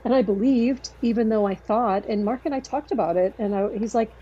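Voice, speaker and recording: Middle-aged woman guest, relaxed husky voice, halting storyteller, dull lo-fi recording. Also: mid-range voice. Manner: rambling, halting, acts out quoted dialogue. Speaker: podcast guest, sister. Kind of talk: casual conversational storytelling.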